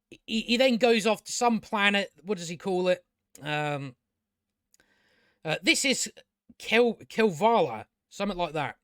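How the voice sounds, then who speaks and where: Guy ranting thru a review, sarcastic, swears a lot, highish voice, dead dry audio. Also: animated, a little slow, fairly bright tone, dry recording. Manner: sarcastic, exasperated, rambling with restarts and swearing. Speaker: video reviewer. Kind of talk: casual spoken review.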